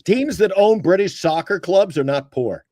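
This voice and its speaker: A man co-hosting a casual sports talk show, telling stories in an animated, sarcastic way. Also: moderate pace, slight background noise. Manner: animated, sarcastic storytelling with big swings of pitch. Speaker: podcast co-host.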